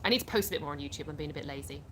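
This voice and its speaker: A young Englishwoman from England hosts a casual phone livestream outdoors, chatting and reading viewer comments aloud with easy laughter. Her low-pitched, slightly bright voice races along, with slight background noise.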